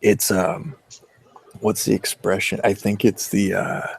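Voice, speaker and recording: A man's voice: fairly low pitch, steady tone, a little slow, creaky, husky. A young man with a Southern Californian accent telling a rambling, profane fishing story in casual chat. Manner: profane, rambling, laid-back.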